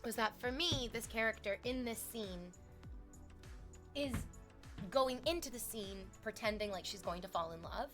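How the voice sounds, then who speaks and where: A woman's voice: a little high, animated, moderate pace, fairly bright tone, faint music behind. A young adult woman streaming, chatting casually and reflectively, candid and swearing freely. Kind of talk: casual chat.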